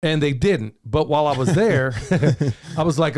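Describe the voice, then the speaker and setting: A middle-aged man hosts a relaxed podcast chat. His voice sits a bit high for a man, and he keeps a folksy, upbeat tone, dropping "y'all" often. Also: a little slow. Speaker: podcast host.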